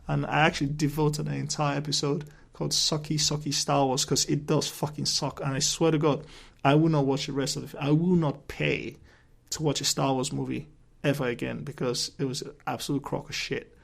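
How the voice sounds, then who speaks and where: Male podcast host with a raspy, fairly high voice, ranting off the cuff and swearing freely. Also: little pitch movement, moderate pace. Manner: ranting, profane, rambling with restarts. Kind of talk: solo podcast rant.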